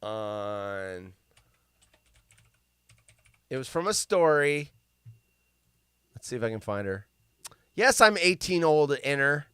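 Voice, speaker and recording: A man's voice: mid-range voice, fairly bright tone, clean tone, no echo, studio quality. A man hosting a live show, chatting casually and reading odd news stories aloud with crude, rambling asides.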